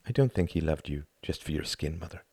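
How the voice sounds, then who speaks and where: A man's voice: a bass voice, animated, a little fast, husky, no echo, heavily acted. A man voicing a subdued, tired grown son. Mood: gentle. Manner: quiet, subdued. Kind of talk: audiobook character voice.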